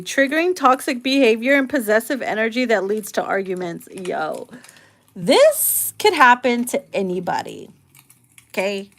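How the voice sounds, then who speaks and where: Speaking directly to her viewers, a woman gives a loose, casual tarot reading, blunt and full of swearing and frequent laughter. She uses slang and acts out quoted lines in playful voices. Her voice is a bit bright and pitched somewhat higher than most women's.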